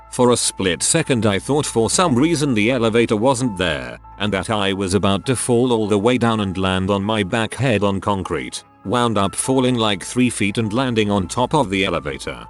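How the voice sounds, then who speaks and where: A man reading reader-submitted stories aloud as scripted narration, in a steady storytelling manner. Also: on the low side, moderate pace, few pauses, faint music behind.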